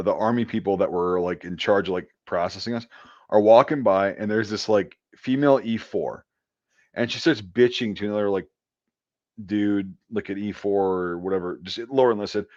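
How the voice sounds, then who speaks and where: A man's voice: lowish voice, normal speed, darkish tone, no echo. Profane rambling man telling war stories. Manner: profane, rambling anecdotal delivery with many fillers. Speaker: podcast host. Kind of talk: casual storytelling chat. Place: home, on an online call. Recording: dull, dry lo-fi call audio.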